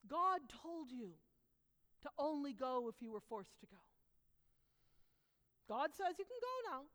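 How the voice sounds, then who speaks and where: Woman voicing an angel, low and hushed, grave, stern, slow, storybook, echoing hall. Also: big pitch swings, heavily acted. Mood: solemn. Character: stern solemn angel with a fiery sword.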